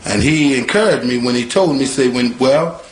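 A man, a guitarist from North Carolina, telling his life story in a lively, colloquial way. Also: mid-range voice, moderate pace. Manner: colloquial, lively, acts out voices with laughter. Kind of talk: animated spoken storytelling. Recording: roomy sound with faint guitar behind.

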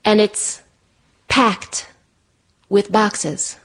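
A woman telling a personal story in a chatty way, full of "like" and "you know", jumping up high when she acts out voices. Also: moderate pace. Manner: lively, acts out quoted voices in a much higher pitch.

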